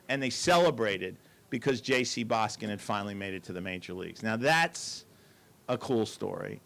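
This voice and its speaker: A man's voice: medium pitch, fairly bright tone. An older man giving a storytelling talk to an audience, with dry asides and quoted lines.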